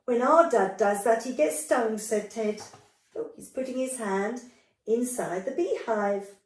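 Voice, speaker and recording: A woman's voice: on the high side, unhurried. A woman reading a picture book aloud to young children, giving the characters livelier voices and adding chatty asides. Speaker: storyteller. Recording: echoey room, voice from a distance.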